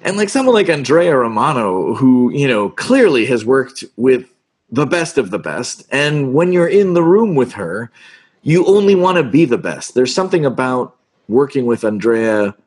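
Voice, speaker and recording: A middle-aged man, a voice actor, telling stories in a casual interview in an animated, self-deprecating way and acting out the lines he quotes. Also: medium pitch, normal speed, husky. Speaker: voice actor guest.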